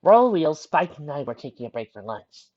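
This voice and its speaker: A man voicing an adult female pony, a brisk, dry-humored mother, in a storybook reading. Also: on the high side, very animated, voice pushed up. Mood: friendly. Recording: dull lo-fi recording.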